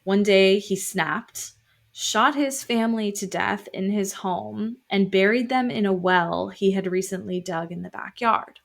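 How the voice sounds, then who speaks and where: A young woman with a gravelly, creaky edge to her voice co-hosts a podcast. She tells the story casually, full of "like" and "um", and breaks in with wry, joking asides. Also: medium pitch, unhurried. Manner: conversational, many fillers, wry asides. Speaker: podcast co-host.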